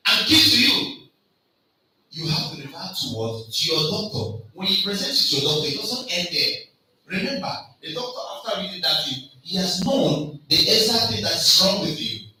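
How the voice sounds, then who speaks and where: Loud emphatic man speaking in an echoey hall. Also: high voice. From Africa. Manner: loud, emphatic, call-and-response questions. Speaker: conference speaker. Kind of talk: motivational lecture. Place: large lecture hall. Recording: echoey hall, mic far off, faint noise.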